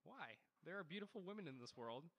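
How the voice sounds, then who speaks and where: A man telling a rambling story as a podcast guest, animated and laughing, tossing in Spanish words. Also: on the high side, fast talker. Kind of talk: casual storytelling chat.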